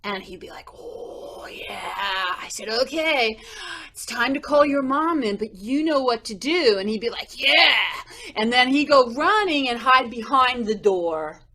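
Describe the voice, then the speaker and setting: A woman's voice: fairly high pitch, normal speed, few pauses, a little hiss or hum. A woman co-hosting a music education podcast, chatting casually and acting out whispers and gasps as she tells teaching stories. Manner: animated, acts out whispers and gasps. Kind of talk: casual chat.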